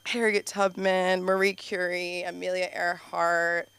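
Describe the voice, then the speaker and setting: Animated woman telling stand-up stories. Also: lowish voice, measured pace, clear, resonant tone. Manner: animated storytelling, heavy use of "like". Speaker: stand-up comedian and show host. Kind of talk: stand-up comedy set. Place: comedy club stage.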